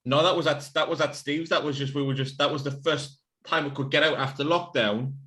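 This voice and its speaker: A man's voice: on the high side, steady tone, brisk, pushed and bright. A man co-hosting a casual podcast over beers, telling rambling stories full of "like" fillers and swearing. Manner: rambling storyteller, swears freely, many "like" fillers. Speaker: podcast co-host.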